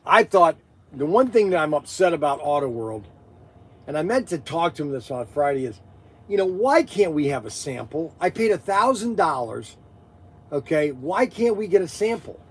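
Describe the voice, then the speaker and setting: A man with a fairly high, husky voice runs a casual livestream and chats loosely with his viewers. He rambles, stops and restarts his sentences, and fills the pauses with uhs and ums. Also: very animated. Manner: rambling, chatty, many fillers and restarts. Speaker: livestream host selling collectible toys.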